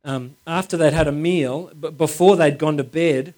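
A man's voice: a little high, moderate pace, few pauses, darkish tone. A man preaching a sermon in an informal, chatty way, driving points home by repeating phrases. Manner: emphatic, repeats phrases for stress.

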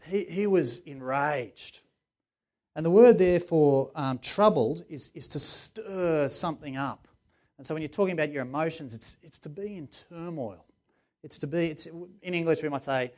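A man's voice: fairly high pitch, moderate pace. Earnest preaching man. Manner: earnest, conversational preaching with sudden loud emphasis. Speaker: pastor. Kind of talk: sermon.

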